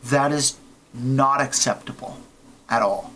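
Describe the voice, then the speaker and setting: A man hosting an advice video, reading out a listener's letter and then answering it in an earnest, measured way. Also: mid-range voice, a bit bright, slight background noise.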